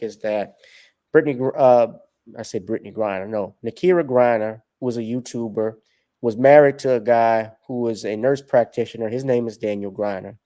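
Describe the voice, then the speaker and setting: Guy hosting a commentary show, warm low-key tone, chatting straight to viewers. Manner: conversational, addresses viewers directly. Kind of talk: casual commentary.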